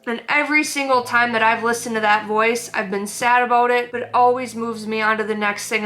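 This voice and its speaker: A woman's voice: fairly high pitch, sharp tone. A woman vlogger talking frankly to camera in a heartfelt way, swearing casually as she opens up. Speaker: artist vlogger. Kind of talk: candid talking-to-camera vlog.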